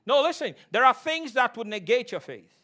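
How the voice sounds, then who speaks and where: A man's voice: very high voice, very animated, normal speed, sharp tone. A man preaching a sermon as pastor, emphatic, calling for responses from the congregation and repeating key phrases for emphasis.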